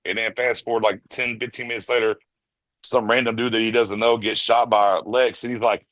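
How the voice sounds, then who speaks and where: A man co-hosting a casual podcast, giving an animated film review and briefly mimicking characters as he tells it. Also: mid-range voice, dry recording, low-quality recording. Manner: animated storyteller, mimics characters in quick bursts. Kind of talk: casual chat.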